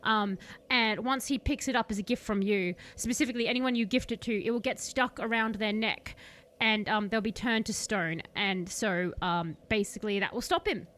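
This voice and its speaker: Sorceress voiced by a woman, rambling, offhand, bright. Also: medium pitch, normal speed, natural voice. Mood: breezy. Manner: casual, rambling. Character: scheming female sorceress.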